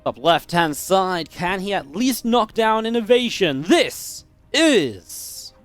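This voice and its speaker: A man calling a live esports match in a fairly high, bright-toned voice, chatty and quick to react to the action. Soft music plays faintly underneath his commentary. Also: big pitch swings, dry recording. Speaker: esports caster.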